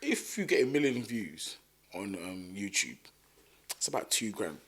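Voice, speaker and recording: A man with a London accent, chatting casually as a podcast guest and telling stories in an animated way, full of fillers. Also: fairly low pitch, a little slow, husky. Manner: animated storyteller with many fillers. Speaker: podcast guest, content creator. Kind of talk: casual chat.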